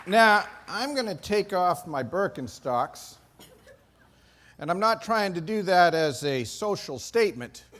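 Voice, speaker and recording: High-voiced excitable keynote man. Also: a little slow, a little hiss or hum. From Maine, USA. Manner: excitable, self-deprecating storyteller. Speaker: keynote speaker. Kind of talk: energetic keynote speech. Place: large conference hall.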